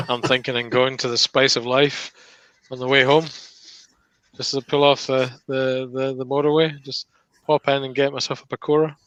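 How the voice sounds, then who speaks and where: Jokey guy cohosting, sharp bright voice, dry sound, plugs the channel between gags. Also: mid-range voice, little pitch movement, moderate pace, no echo, low-quality recording. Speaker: co-host on the live stream. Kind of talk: casual banter.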